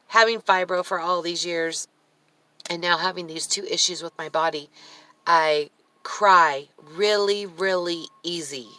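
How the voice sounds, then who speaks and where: A woman's voice: fairly low pitch, pushed and bright, dry recording. A woman vlogging in a chatty, emotional, rambling way, her throat dry and her voice cracking in and out. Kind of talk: casual personal vlog.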